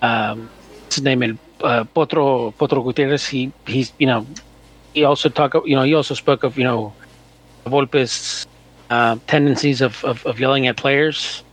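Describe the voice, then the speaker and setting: A man co-hosting a casual podcast chat, talking in a halting way full of "you know" fillers. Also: medium pitch, steady tone, breathy edge, poor audio. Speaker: podcast co-host.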